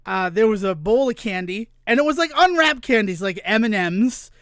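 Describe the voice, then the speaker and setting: Animated man with a lively voice. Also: sits high, normal speed, clean tone, no echo, studio quality. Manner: animated storyteller, swears freely. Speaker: podcast co-host. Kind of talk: casual chat.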